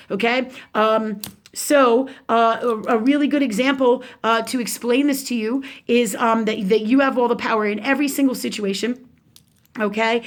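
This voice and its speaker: Woman spiritual teacher, somewhat high voice, live rambling talk, emphatic and casually profane.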